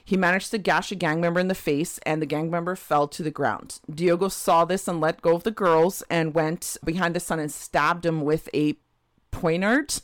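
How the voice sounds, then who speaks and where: A woman's voice: fairly low pitch, steady tone, moderate pace, dry recording, clean studio sound. A woman co-hosting a podcast, telling a true crime case in a casual way with frequent laughs and chatty asides. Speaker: podcast co-host.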